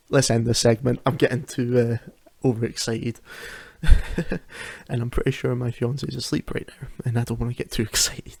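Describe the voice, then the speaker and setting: A man's voice: mid-range voice, level tone, normal speed, creaky, a little mellow, no echo. A man, hosting a casual solo talk at home, chatty and self-deprecating, laughing often and restarting his sentences. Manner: rambling with frequent restarts. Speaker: podcast host. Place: at home at night.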